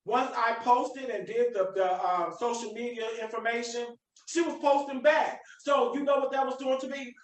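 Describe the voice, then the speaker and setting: A man with a high, bright-pitched voice hosts a live video podcast and preaches his motivational message with emphasis. He sounds set back from the mic, and his voice rings around an echoey room. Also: steady tone, normal speed, few pauses, recorded from a distance. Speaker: podcast host.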